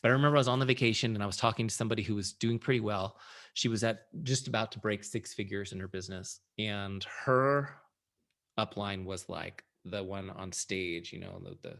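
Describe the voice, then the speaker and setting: A middle-aged man who is a founder and sales trainer, giving an energetic, conversational training talk and often checking in with his audience. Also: lowish voice, fairly quick, creaky. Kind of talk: live training presentation.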